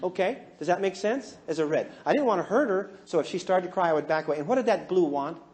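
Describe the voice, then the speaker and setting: A middle-aged man with a fairly high voice holds a seminar audience with humorous stories. He mocks himself and jumps between quiet, sincere asides and loud, animated bursts. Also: quick pace. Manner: animated, jokey, self-mocking, swings from hushed to loud. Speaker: counselor giving a seminar talk. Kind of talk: humorous storytelling to a live audience.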